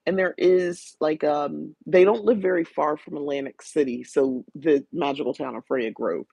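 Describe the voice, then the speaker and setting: Woman, podcast host, rambling book review chat, fry in the voice. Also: sits low, moderate pace, mellow, no echo. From South New Jersey, USA. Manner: chatty, rambling, frequent restarts and fillers; greets live viewers by name.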